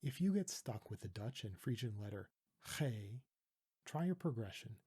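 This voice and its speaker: A Canadian man from Toronto calmly teaching letter sounds, patiently demonstrating pronunciation with a close mic. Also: mid-range voice, husky. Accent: Canadian English. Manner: calm, patient, deliberate demonstrating. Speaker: language teacher. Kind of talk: pronunciation tutorial.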